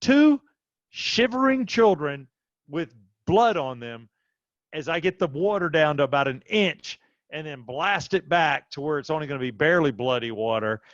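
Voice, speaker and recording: A man, co-hosting a casual podcast and telling a story animatedly, his voice jumping high when he quotes himself. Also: dry recording, lo-fi sound. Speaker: podcast co-host. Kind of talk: casual chat.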